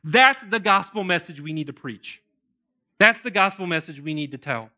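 A pastor preaches earnestly to his congregation in a high-pitched voice at a moderate pace, breaking now and then into excited shouts.

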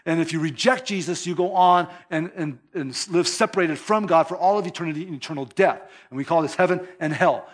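High-voiced animated preaching man. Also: fairly quick, few pauses. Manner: animated, conversational preaching with chuckles. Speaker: pastor. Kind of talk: sermon.

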